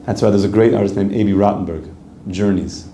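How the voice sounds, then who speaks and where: Mellow-voiced rabbi teaching in a roomy space. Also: male voice, lowish voice, steady tone, a little fast, slight background noise. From Canada. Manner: earnest, conversational, reads Hebrew text and translates it. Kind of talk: Torah class lecture.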